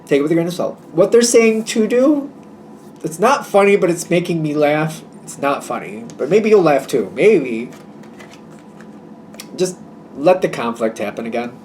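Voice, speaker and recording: A man's voice: a little high, animated, normal speed, a little mellow, slight background noise. A man giving a casual tarot reading to his viewers, chatty and hedging, with a wry, slightly snippy tone. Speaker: tarot reader.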